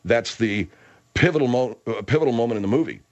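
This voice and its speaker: A man hosting a comedy talk radio show, excitable and argumentative. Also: medium pitch, fast talker, muffled recording.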